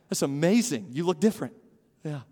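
A male pastor delivers an animated sermon in a fairly high voice. He keeps drawing the congregation in to read along and answer back. The room gives his words a long, ringing reverb. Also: normal speed. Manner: animated, calls on the congregation to respond. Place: church sanctuary.

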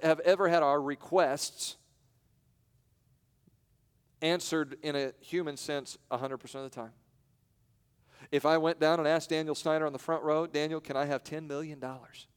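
Preacher man with a smooth voice in a reverberant hall. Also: on the high side, steady tone. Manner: preaching with dramatic pauses, acting out voices. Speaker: pastor. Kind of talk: sermon. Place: church sanctuary.

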